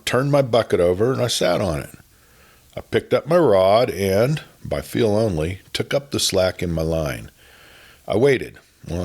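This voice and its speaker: A man narrating a spoken story in a folksy, unhurried way. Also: fairly low pitch. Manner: folksy, unhurried, starts sentences with "well".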